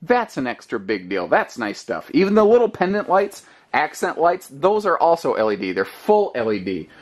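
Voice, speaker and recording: A man's voice: a little high, big pitch swings, moderate pace. A man giving an explanatory walkthrough of an RV from inside it, talking casually with frequent restarts. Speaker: RV reviewer. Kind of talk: walkthrough demonstration.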